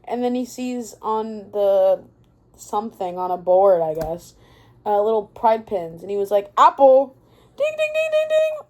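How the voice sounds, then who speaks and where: A young woman ranting casually about a book she loves, excitable and rambling, often stopping mid-thought to correct herself. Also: medium pitch, measured pace. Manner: rambling and excitable, often losing her thread. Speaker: book vlogger.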